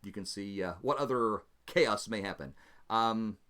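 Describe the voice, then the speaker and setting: A man's voice: fairly low pitch, a little slow. A man hosting and narrating his solo tabletop role-playing game in a chatty, casual way that breaks into easy laughter. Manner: chatty, animated, laughs easily.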